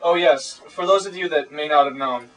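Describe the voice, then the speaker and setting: A teenage boy co-hosting a comedy web show lectures in a pompous, preachy, mock-serious tone of false authority. His voice is a little high and fairly bright, at a moderate pace, and it sounds distant from the camera mic.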